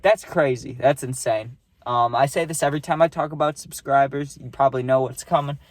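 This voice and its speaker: A man's voice: medium pitch, brisk, no room sound. A young man, rambling through a casual storytime and tagging lines with "right?". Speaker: vlogger.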